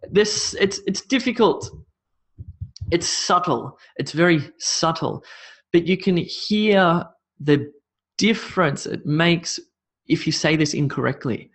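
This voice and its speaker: A man's voice: on the high side, lively intonation, takes it slowly, fairly bright tone. A man teaching English pronunciation, repeating words with shifting stress and laughing off his own slips. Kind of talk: spoken English lesson.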